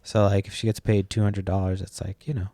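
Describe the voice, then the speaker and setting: Young man, podcast host, rambling storyteller, casual swearing, lowish voice, dry close recording. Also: flat delivery, brisk, warm tone, dry recording. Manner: loose, swears often, trails off with "like" and "blah, blah".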